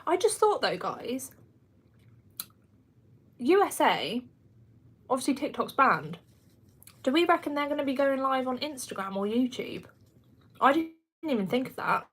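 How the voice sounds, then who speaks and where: A woman's voice: high voice, big pitch swings, unhurried, pauses often, fairly bright tone, husky. A woman in her twenties with a Kent accent, chatting casually on a livestream and answering viewer comments with frequent laughs. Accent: Kent English. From England. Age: 20s. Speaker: livestream host. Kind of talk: casual live chat.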